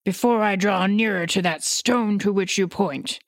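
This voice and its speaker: A woman's voice: mid-range voice, normal speed, no room sound, lightly acted. A woman reading aloud, voicing an old miser man who pleads with a ghost in a rising, desperate voice. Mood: solemn, questioning. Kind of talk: audiobook reading.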